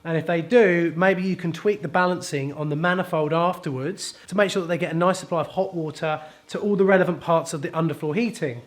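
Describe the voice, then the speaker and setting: Chatty man with a high voice. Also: brisk, few pauses. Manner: chatty and jokey, explaining as he works. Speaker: plumber. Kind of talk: casual how-to vlog. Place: boot room of a house, indoors.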